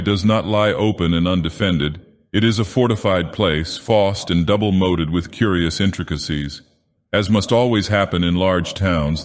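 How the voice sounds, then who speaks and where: A man voicing a middle-aged gentleman who talks in a soothing, persuasive, genial manner. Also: low-pitched, natural voice. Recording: long reverb.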